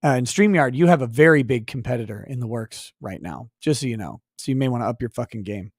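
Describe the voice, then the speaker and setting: This fast-talking man has a medium-pitched voice and hosts a live stream, reading chat out loud and mock-ranting at chatters with plenty of profanity. It's a dry, studio-quality recording.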